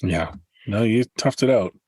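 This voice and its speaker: A man's voice: lowish voice, expressive, measured pace, a little mellow, slightly rough, no echo. A middle-aged man co-hosting a family podcast, teasing his co-host with dry remarks. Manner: dry, teasing wrap-ups. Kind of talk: casual chat.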